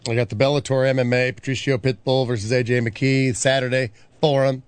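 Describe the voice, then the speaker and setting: A man hosting a call-in game on the radio, running it with quick, laughing patter. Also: mid-range voice, level tone, smooth, no echo. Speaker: radio host.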